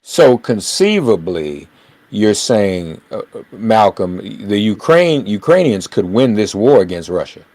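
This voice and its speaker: A male host with a low, sing-song voice asks short questions. The sound is dry and close, with no room echo. He greets his guest loudly and warmly. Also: sing-song, measured pace. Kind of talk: interview questions.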